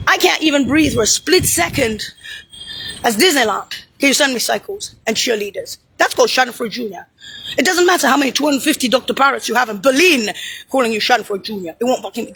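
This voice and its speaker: A woman's voice: on the high side, fairly bright tone, husky, low-quality recording. A woman delivering an angry, profane, rambling monologue, hurling insults and pointing things out on screen. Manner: points at something on screen while talking.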